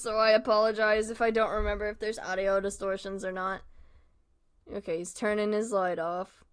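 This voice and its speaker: A woman's voice: mid-range voice, a bit bright, smooth. A woman hosting a live stream, chatting casually, giggling and apologizing a lot as she comments on videos. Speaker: stream host.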